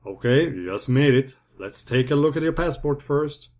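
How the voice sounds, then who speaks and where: A man's voice: medium pitch, lively intonation, normal speed, a little mellow, lightly acted. A man voicing a sarcastic male cruise ship purser who grumbles.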